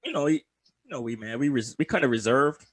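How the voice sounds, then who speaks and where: A man's voice: medium pitch, lively intonation, fast. A young man co-hosting a podcast in casual chat, joking loosely, swearing freely and laughing often. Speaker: podcast co-host.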